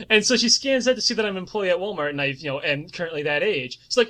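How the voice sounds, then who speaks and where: A man in his twenties telling a comedic personal story on a podcast, animated and swearing, now and then breaking into mock-dramatic singing. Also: high-pitched, racing, few pauses. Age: 20s.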